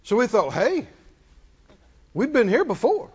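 A man's voice: very high-pitched, wildly swooping pitch, measured pace, breathy edge. An older man preaching a sermon, telling a story with passion and calling out to the congregation. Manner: impassioned storytelling preacher, call-and-response. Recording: echoey hall, dull muffled sound.

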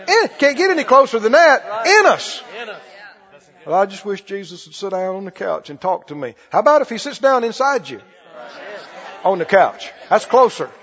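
A man preaching a sermon in an animated way, drawing call-and-response from his congregation. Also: high voice, moderate pace. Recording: dull audio with long hall reverb.

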